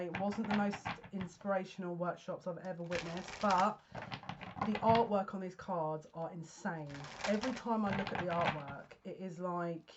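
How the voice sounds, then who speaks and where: A woman giving a casual tarot card reading, excitable and often gasping and breathless. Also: on the low side, lo-fi sound, very noisy.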